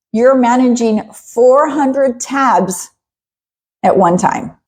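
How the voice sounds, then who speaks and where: Animated, laughing middle-aged woman host. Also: a little high. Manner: animated and chatty, laughing often. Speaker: podcast host. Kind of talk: casual podcast monologue.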